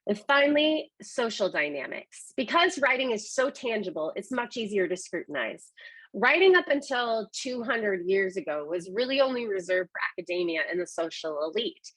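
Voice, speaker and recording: Woman, webinar presenter, husky voice, dry close mic, emphatic explainer. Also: medium pitch, lively intonation, normal speed, fairly bright tone, no room sound, poor audio. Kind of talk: scripted presentation.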